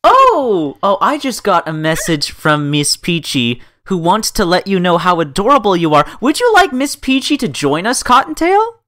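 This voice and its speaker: Lively, bright-voiced male streamer. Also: high voice. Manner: animated, quick to exclaim and laugh. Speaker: streamer host. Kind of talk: casual gaming stream chat.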